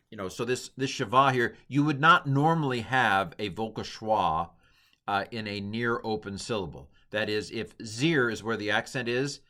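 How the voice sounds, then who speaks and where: A man with a fairly low, bright, forceful voice gives a casual classroom language lesson in a rambling way. He corrects himself often and makes small joking asides.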